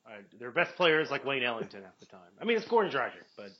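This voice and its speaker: A man's voice: mid-range voice, sing-song, very fast, lo-fi sound. A man co-hosting a casual sports chat, rambling and joking as he corrects himself mid-sentence. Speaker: podcast co-host.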